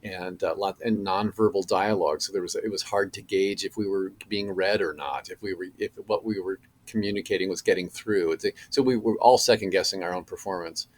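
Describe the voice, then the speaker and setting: A middle-aged man speaks as a podcast guest, his voice sitting a little low. He tells his stories with many fillers and restarts and grows animated at the punchlines. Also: brisk, few pauses. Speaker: actor guest. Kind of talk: casual podcast interview.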